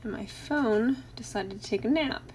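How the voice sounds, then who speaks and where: A woman's voice: on the high side, moderate pace, darkish tone, slight background noise. A middle-aged woman hosting a casual craft live stream, greeting viewers by name and laughing often between remarks.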